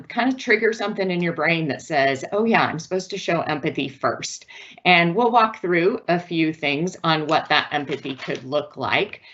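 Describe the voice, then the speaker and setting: A woman's voice: fairly low pitch, dull audio. A woman giving a virtual parenting presentation in an earnest, patient, instructive way. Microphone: video call.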